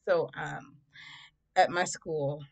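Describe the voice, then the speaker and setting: A woman in her thirties from Detroit telling a personal story in a casual, animated way, often laughing and acting out both sides of the conversations. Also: sits low, slow, vocal fry. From Detroit, USA. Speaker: storytime vlogger.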